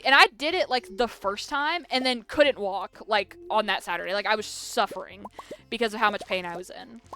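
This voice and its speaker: A woman streaming a game and chatting casually, her voice bright, crisp and clean, pitched a little high. She rambles along, filling her talk with "like" and dropping swear words without a second thought. Soft game music plays faintly behind her. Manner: rambling storytelling full of "like", swears freely. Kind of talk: casual chat while playing a game.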